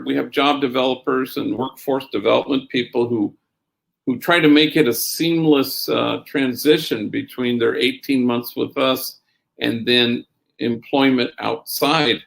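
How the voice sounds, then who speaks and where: Man, middle-aged, gravelly voice, storytelling talk, Spanish slang in the mix. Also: mid-range voice. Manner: tells stories with Spanish slang phrases mixed in; quotes others in a raised, lively voice. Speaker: priest and speaker.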